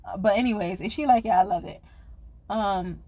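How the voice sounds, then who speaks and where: A woman's voice: medium pitch, moderate pace, mellow. A woman reviewing a reality TV episode in a casual, sassy, chatty way, speaking straight to her viewers. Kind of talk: casual recap commentary.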